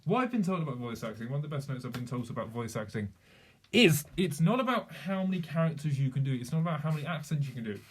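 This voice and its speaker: A man's voice: fairly high pitch, expressive, fast talker, husky. A young man chatting casually on a live stream, rambling with many fillers and restarts.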